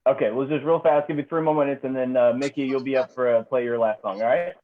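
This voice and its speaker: Fast-talking man on a tinny line. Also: medium pitch, steady tone. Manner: quick, apologetic. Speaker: event organizer. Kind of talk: casual logistics chat.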